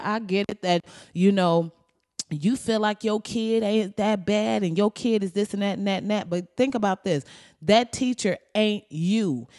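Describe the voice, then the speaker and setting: A woman with a mid-range voice performs a loud, rambling, profane comedic monologue, telling stories punctuated by frequent laughs. The recording is studio quality with no room sound.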